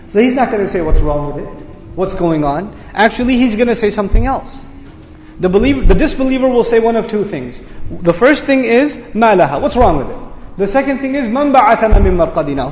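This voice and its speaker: A man's voice: sits high, lively intonation, fast talker, a little mellow. A man teaching a lecture on Quranic word meanings, explaining with energy and repeating his key words. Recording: echoey hall reverb.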